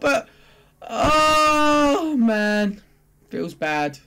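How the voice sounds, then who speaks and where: Excitable gamer with a lively voice. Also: high-pitched, very slow, music in the background. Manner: excitable, swings from glum muttering to shouting; complains and pleads at the game. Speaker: gaming video creator. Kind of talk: reacting while opening loot boxes.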